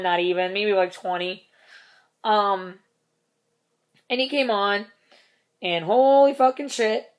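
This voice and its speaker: Chatty young woman swearing through a story. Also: mid-range voice. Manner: chatty, swears a lot, laughs often, acts out quotes. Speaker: concert fan telling a story. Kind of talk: casual storytelling vlog.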